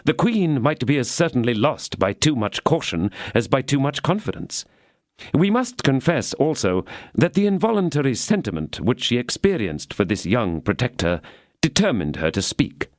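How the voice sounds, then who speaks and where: A man reads a classic novel aloud in a measured, expressive style, his pitch rising and falling freely. The voice sits in a mid range. The recording is close and dry, with no room sound. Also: dry recording. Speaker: audiobook narrator. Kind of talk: scripted narration.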